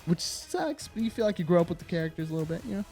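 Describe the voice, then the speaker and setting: A man's voice: high voice, lively intonation, racing, vocal fry, a little mellow, faint music behind. Rambling, laid-back male game reviewer. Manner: rambling, loose and profane, laughs often. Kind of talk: casual chat.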